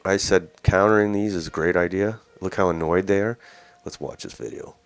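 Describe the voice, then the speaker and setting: A man's voice: low voice, steady tone, brisk, soft background music. A Canadian man hosting a news commentary show, talking in a blunt, scornful, ranting way. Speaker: host.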